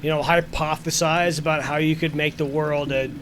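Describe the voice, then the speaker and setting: A man with a somewhat high voice co-hosting a podcast in easy conversation. He rambles through stories with plenty of fillers and swears casually. Faint noise hums under the recording. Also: level tone, moderate pace. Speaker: podcast co-host. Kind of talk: casual chat.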